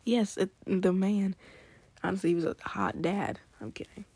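A woman chatting excitedly in a hushed, whispery late-night ramble at home, trying not to be heard. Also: mid-range voice, a little slow, husky, no echo. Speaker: podcast host.

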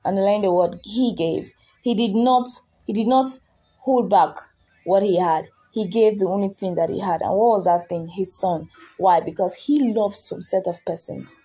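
Husky-voiced woman preaching earnestly. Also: mid-range voice, normal speed, warm tone. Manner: earnest, repeats words, asks rhetorical questions. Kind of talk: sermon.

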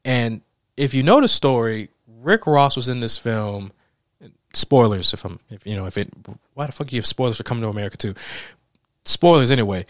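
A man's voice: mid-range voice, animated, fairly quick, dry recording, studio quality. A man giving a casual, profane film review rant, exasperated and laughing often. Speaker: movie reviewer.

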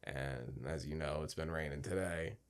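A man's voice: extremely low pitch, moderate pace, clear, resonant tone. A young man from New Jersey co-hosting a podcast, telling stories casually with lots of swearing and mock outrage. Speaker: podcast co-host. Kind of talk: casual chat.

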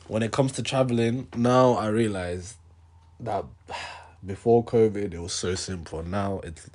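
A young man, casually telling an animated, slang-filled story with laughter. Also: on the low side, husky.

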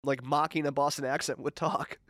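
A man co-hosting a podcast in casual chat, easygoing and quick to laugh. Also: fairly high pitch, little pitch movement, fairly bright tone, no echo. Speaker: podcast co-host.

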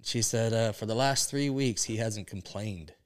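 A man's voice: fairly low pitch, moderate pace. A man sharing a faith testimony on a podcast, telling his story earnestly and tying it together with lots of "and, uh". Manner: earnest storytelling, many "and, uh" links. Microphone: podcast microphone.

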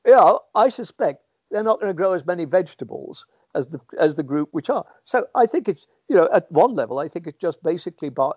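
A man's voice: on the high side, a little mellow, dry recording, dull audio. A man answering interview questions in a thoughtful, rambling way, often acting out what people might say, heard over a remote call microphone. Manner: thoughtful, rambling, acts out quoted speech.

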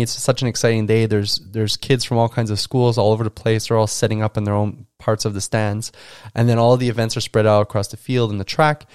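A man's voice: medium pitch, a little mellow, clean tone, no room sound, clean studio sound. A man hosting a podcast, telling a story from his coaching days in a casual, conversational way with lots of fillers. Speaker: podcast host and school coach.

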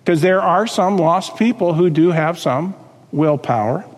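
A male pastor preaching a sermon, reading scripture and acting out quotes with lively emphasis. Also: fairly high pitch, a little slow, in a large hall.

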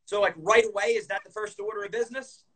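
A man's voice: high voice, fairly even intonation, fast talker, pushed and bright, breathy edge, low-quality recording. A man hosting a podcast interview, enthusiastically reflecting back his guest's points. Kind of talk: casual interview.

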